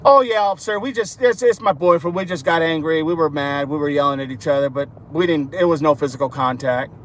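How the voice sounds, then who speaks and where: A man's voice: fairly high pitch, fairly quick, slight background noise, pitched below the performer's own voice, lightly acted. A man playing a nervous woman in a car brushing off a police officer with hasty reassurances.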